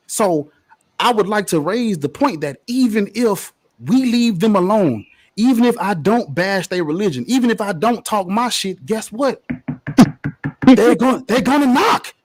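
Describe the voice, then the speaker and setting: A young man with a husky, breathy voice argues fiercely in a street debate. He swears freely and preaches his points. His pitch sits high and jumps around with lively swings. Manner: fiery, profane, preachy. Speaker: debate participant.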